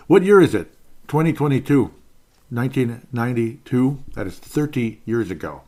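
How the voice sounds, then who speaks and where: A man hosting a solo sports podcast, rambling and excitable, often repeating himself. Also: medium pitch, brisk.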